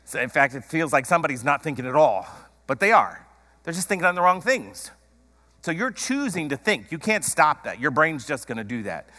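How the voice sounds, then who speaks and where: A man's voice: mid-range voice, pushed and bright. A man preaching a sermon, repeating key phrases emphatically and asking the congregation rhetorical questions. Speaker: pastor. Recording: long hall reverb.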